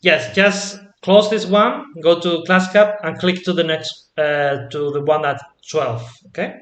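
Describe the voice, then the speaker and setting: A man's voice: a little high, a little slow. Easygoing male teacher, roomy sound. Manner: relaxed, prompts often with 'yeah?' and 'ujú'. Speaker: Spanish teacher. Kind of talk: casual online language lesson.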